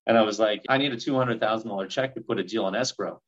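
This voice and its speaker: A middle-aged man tells a long story in an interview and slips into the voices of the people in it as he goes. His voice sits fairly low. The audio is a little dull and lo-fi. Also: quick pace. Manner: animated storyteller acting out quoted dialogue. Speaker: real estate investor guest.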